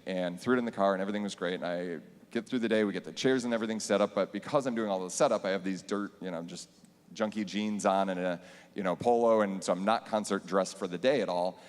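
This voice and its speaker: Lively man telling a teaching story. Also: on the low side, in a large hall. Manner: animated, laughing storyteller. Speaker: band teacher. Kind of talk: storytelling on a church panel.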